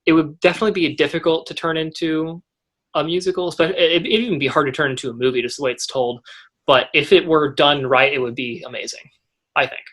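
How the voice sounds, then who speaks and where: A teenage boy and young actor in a casual interview, rambling and halting, with frequent restarts. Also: fairly high pitch, fairly bright tone.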